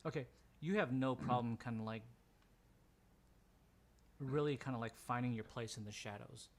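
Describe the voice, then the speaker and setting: A man's voice: mid-range voice, normal speed. A man running a tabletop role-playing game as game master, narrating loosely with lots of "kinda" and "like".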